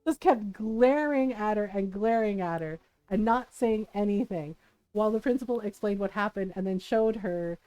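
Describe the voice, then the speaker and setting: A woman's voice: mid-range voice, normal speed. Chatty woman streamer telling a story. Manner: animated, laughs often, acts out quoted people. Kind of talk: casual storytelling while gaming.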